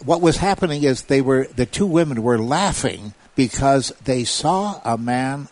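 A man's voice: mid-range voice, measured pace, dry recording. A man telling a story in a casual conversation, acting out quotes in a raised voice. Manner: animated, quotes others in raised voice. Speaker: guest recounting an investigation.

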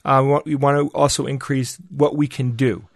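A man's voice: medium pitch, level tone, fairly quick, gravelly, dry recording, clean studio sound. A man on a podcast panel, joking and poking fun at himself in casual chat. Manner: joking, self-mocking.

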